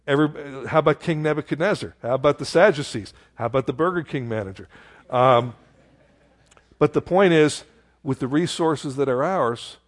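A man preaching a verse-by-verse sermon in a conversational way, full of rhetorical questions and exclamations. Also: medium pitch. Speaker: pastor. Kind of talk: expository sermon.

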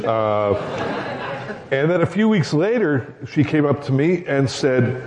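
A man's voice: mid-range voice, moderate pace, darkish tone. A man serving as pastor, telling a humorous story to the congregation and acting out the voices he quotes. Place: church meeting room. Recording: echoey room with crowd and background noise.

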